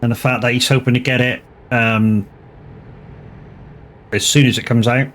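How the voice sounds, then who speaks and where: A man's voice: mid-range voice, steady tone, moderate pace, fairly bright tone, slight background noise. Jokey, swearing man in his 40s. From Plymouth, England. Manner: joking and profane, laughs often. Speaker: live streamer. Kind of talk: casual chat while playing a truck driving game.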